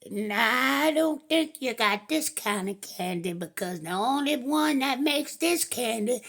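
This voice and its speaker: A woman voicing a clever, eager little boy who talks persuasively, with a husky voice. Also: fairly high pitch, animated, measured pace, fairly bright tone, heavily acted.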